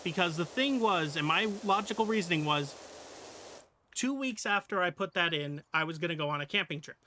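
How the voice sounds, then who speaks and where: A man's voice: high voice, animated, a little fast, sharp tone, a little hiss or hum. A young man streaming, telling a work story in a blunt, profane, exasperated way. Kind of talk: casual storytelling.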